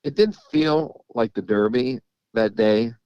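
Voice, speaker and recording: A middle-aged racehorse trainer telling stories in a casual interview, halting and repeating words as he goes, often laughing. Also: medium pitch, darkish tone, smooth, dry recording. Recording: dull lo-fi audio.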